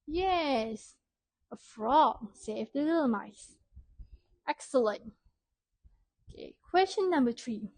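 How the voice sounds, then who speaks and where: A woman teacher telling a story to young children, asking questions and praising answers clearly. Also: sits high, lively intonation, slow pace, long pauses, darkish tone, no room sound.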